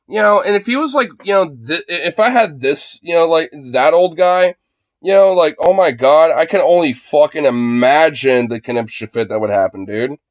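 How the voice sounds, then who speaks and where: A man ranting casually on a live stream into a phone, rambling with lots of fillers and swearing. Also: mid-range voice.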